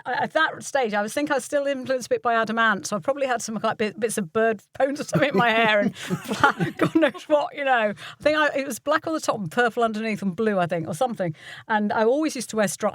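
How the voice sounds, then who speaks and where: This older woman from the UK, a voiceover artist and coach, chats through anecdotes in an interview, often laughing and acting out whoever she's quoting. Her voice is on the high side, a bit bright and a little fast. The studio sound is clean and dry.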